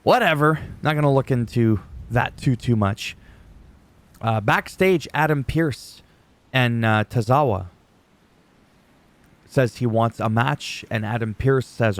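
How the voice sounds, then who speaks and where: A man's voice: medium pitch, a little slow, long pauses. A man recapping a wrestling show in casual commentary, rambling off on tangents and swearing casually.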